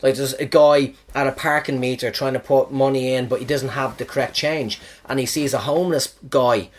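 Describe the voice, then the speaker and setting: A comedian rambling through a casual chat. He is profane and keeps wandering off into tangents. His voice sits at an ordinary middle pitch. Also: steady tone, moderate pace. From Ireland.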